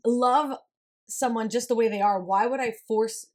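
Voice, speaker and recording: A woman talks heartfelt and candid in a casual chat with friends, her voice sitting a little high. She says "like" a lot and speaks from her own experience as a mother. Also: a little slow. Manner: earnest, heartfelt, lots of "like". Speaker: podcast co-host; parent of a young son.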